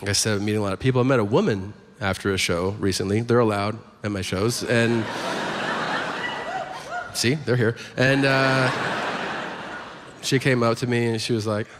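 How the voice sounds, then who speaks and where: A man's voice: on the low side, steady tone, normal speed, pauses often, heavy background noise. A man doing stand-up comedy, swearing and acting out dialogue in voices as he tells a story on a comedy stage. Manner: profane, acts out dialogue voices. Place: comedy stage before a laughing audience. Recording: live hall with loud crowd ambience.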